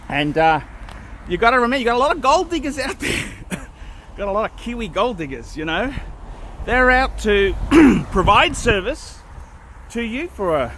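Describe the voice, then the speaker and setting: Blunt high-voiced man ranting outdoors. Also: a bit bright. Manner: blunt, repetitive, cynical rants. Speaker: vlogger. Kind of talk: casual vlog monologue. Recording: faint street and car noise.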